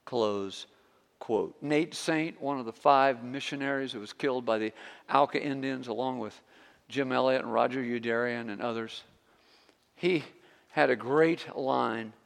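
Male pastor preaching, gravelly voice, kinda high, echo hanging in the sanctuary. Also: unhurried. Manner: impassioned, swings from hushed prayer to loud exhortation. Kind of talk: sermon. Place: church sanctuary.

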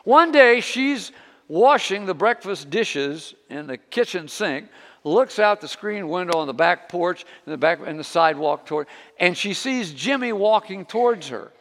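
A man preaching a sermon in a church, impassioned, swinging from hushed prayer to loud exhortation. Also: high-pitched, lively intonation, measured pace, vocal fry, long reverb tail. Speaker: pastor. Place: church sanctuary.

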